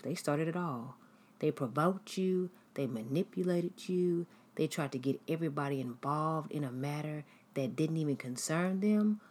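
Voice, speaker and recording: A woman giving a devotional teaching, telling everyday stories in a conversational, animated way. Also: deep voice. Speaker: devotional speaker.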